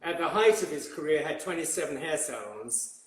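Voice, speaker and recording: Speaking in a refined, old-fashioned upper-class English accent, an older guest hairdresser tells stories during a laid-back interview. He halts, repeats himself, and leans on fillers, and his slightly high male voice echoes in the room.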